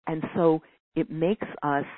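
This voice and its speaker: A woman's voice: low voice, fairly even intonation, takes it slowly, dry recording. A woman giving a teaching talk, answering a caller's question in an earnest way and now and then acting out whiny quoted voices. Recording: dry phone-like audio.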